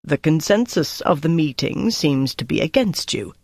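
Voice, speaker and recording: An audiobook narrator voicing an irritated, domineering male committee chairman with a dry, measured delivery in a dry, close recording. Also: mid-range voice, very animated, gravelly, no room sound. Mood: curt.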